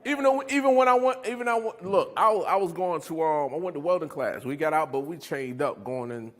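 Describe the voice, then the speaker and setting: A middle-aged man speaking as a recovery speaker, giving a motivational talk to a live audience, telling stories in an animated way, laughing and quizzing his listeners. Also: on the high side, fairly quick.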